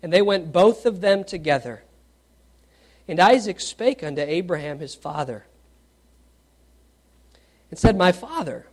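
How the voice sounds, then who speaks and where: A high-voiced man preaches a little slowly, leaving long pauses as he reads scripture and questions his congregation. He moves between booming, animated questions and soft, hushed emphasis.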